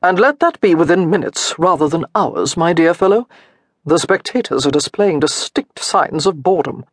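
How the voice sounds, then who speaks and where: A woman's voice: lowish voice, animated, moderate pace, no room sound, clean studio sound. A woman voicing an arrogant, cool young male duke who speaks with careless disdain in an audiobook. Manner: careless, coolly dismissive drawl.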